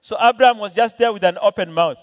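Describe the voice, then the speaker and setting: A man's voice: high voice, quick pace. A man preaching a sermon to a church, telling a Bible story and voicing its characters as he goes. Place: church hall. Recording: long hall reverb.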